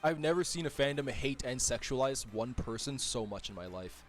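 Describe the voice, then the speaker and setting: A man's voice: mid-range voice, normal speed, soft background music. A man streaming a racing game, chatting casually and joking with viewers. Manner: animated, laughs often, jokey chatter with viewers. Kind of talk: casual gaming stream chat.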